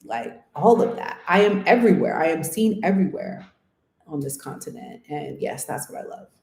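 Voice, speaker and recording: In a room with a noticeable echo, an American woman who hosts a channel speaks in a low, creaky, darkish voice that is very animated yet moderately paced. Interviewed in a casual, reflective setting, she talks earnestly, thinks aloud, and keeps checking in with "right?".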